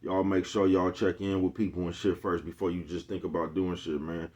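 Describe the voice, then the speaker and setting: A middle-aged man with a low, deep voice talks straight to his viewers. His delivery is laid-back and full of street slang. He keeps throwing in asides to his listeners as he goes. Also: flat delivery, a little fast, a little mellow. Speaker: vlogger. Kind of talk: casual monologue to viewers.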